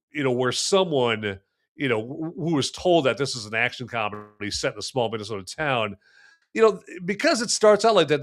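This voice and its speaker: A man's voice: on the high side, fairly bright tone. Rambling jokey man reviewing a movie. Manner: rambling, jokey, talks to live chat. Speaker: podcast host. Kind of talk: live movie review podcast.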